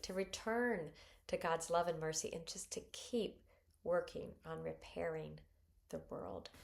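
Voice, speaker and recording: Expressive woman with a gravelly edge. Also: lowish voice. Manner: expressive, acts out quoted voices with sudden lifts. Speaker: parishioner giving a reflection. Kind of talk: spoken scripture reflection.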